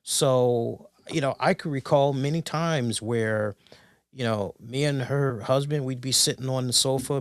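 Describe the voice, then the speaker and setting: A man's voice: medium pitch, dry recording. Man, podcast co-host, rambling, anecdotal, casual chat, dry close sound. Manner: rambling, anecdotal, many restarts and "you know"s.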